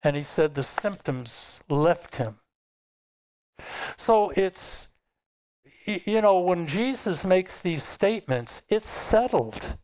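Male pastor, sermon delivery, unhurried and emphatic, slightly high, smooth clear tone. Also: lively intonation, a little mellow. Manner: asks the congregation questions and answers them; unhurried and emphatic, with filler restarts.

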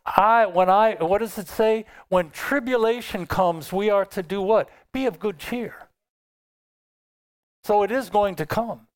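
A man preaching in a slow, deliberate way, putting questions to his listeners and answering them himself. His voice sits a little high for a man and sounds smooth and clear. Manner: unhurried and emphatic, with filler restarts. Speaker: pastor. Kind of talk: sermon.

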